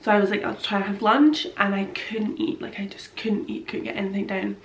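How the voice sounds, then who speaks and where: A woman's voice: mid-range voice, steady tone, a little fast, echoey room, rough recording. A young woman, tearfully telling a personal story to camera in a rambling way, full of fillers. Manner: rambling, many fillers, quotes her own thoughts. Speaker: vlogger.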